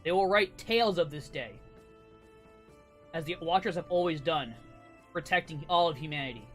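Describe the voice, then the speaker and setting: A man's voice: a little high, moderate pace, faint music behind, lightly acted. A man voicing a stern older paladin commander who gives solemn, commanding speeches in a tabletop game.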